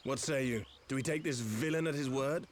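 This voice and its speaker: An actor playing a gruff, distrustful male inventor in a video game cutscene, blunt and stern. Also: mid-range voice, brisk, natural voice.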